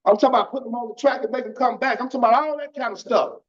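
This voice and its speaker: Speaking rapid-fire, a church testimony speaker with a high voice testifies fervently, repeating phrases and ending lines with "man." The recording comes from a dull, lo-fi church stream.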